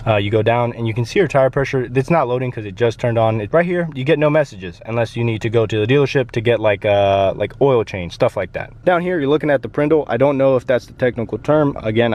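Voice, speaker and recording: A young man giving a chatty, joking walkaround review of his pickup truck, talking to the camera from inside and around it. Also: mid-range voice. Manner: chatty and joking, lively ups and downs.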